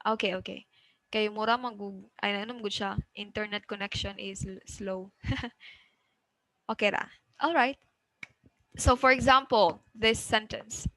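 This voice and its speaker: Woman, Cebuano Filipino accent, online teacher, slow deliberate pace, dry close sound, keeps checking "okay?". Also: medium pitch, steady tone, sharp tone, no echo, rough recording. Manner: frequent "okay?" checks, mixes English with Cebuano. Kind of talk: online class lecture.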